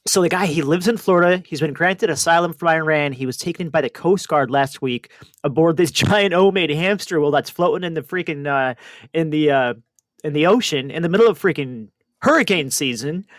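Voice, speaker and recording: A man's voice: a little high, fairly quick, no room sound, clean studio sound. A man co-hosting a casual radio show, telling a wild news story with lots of energy and putting on voices for the people in it. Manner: animated storyteller, puts on voices for quoted people. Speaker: radio co-host.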